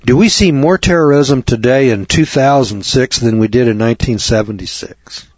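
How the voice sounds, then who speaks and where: Husky ranting talk radio host. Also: male voice, medium pitch, normal speed, dry recording. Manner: ranting, rhetorical questions to listeners; sarcastic, addresses audience as kids. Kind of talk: radio monologue. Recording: dull lo-fi radio broadcast.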